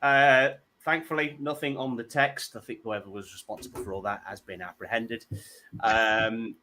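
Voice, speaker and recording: A man's voice: medium pitch, fairly even intonation, normal speed, sharp tone, slight background noise. A man hosting a comedy panel show, telling rambling self-deprecating stories full of stammered restarts.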